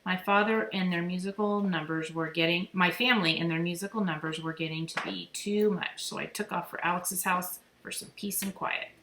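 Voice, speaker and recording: A woman reading a children's chapter book aloud in a steady, clear storytelling manner. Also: lowish voice, moderate pace, hardly any pauses. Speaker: reader. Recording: echoey room, faint noise.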